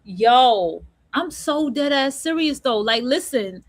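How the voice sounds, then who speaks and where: Blunt high-voiced woman ranting casually. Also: lively intonation, slow. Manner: blunt, profane, slangy storytelling. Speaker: host. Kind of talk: casual monologue on an online radio show.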